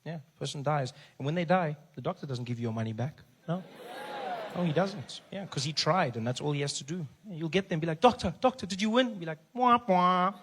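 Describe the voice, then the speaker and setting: A man, telling a story as a stand-up comedian, animated and acting out voices. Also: fairly high pitch, fast, noisy background.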